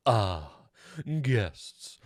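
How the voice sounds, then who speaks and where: A man voicing a polite, formal young hotel bellboy in a video game, with a slow, courteous, lowered delivery. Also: animated, heavily acted.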